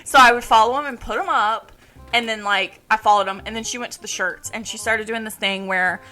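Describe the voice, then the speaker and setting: Young woman podcast cohost, bright voice, swears a lot, super animated storytelling. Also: fairly high pitch, brisk, faint music behind. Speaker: podcast co-host. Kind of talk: casual chat.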